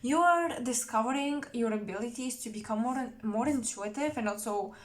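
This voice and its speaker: A young woman with a slightly high voice gives a casual tarot reading at a moderate pace. She chats and rambles, filling gaps with fillers and frequently correcting herself.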